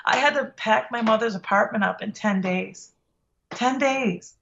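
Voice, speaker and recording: A middle-aged woman tells a personal story as a podcast guest. She acts out what people said and restarts her sentences as she goes. Her voice is bright and forceful, and the recording sounds dull and lo-fi. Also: fairly high pitch, vocal fry. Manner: animated, acts out quoted dialogue, halting restarts.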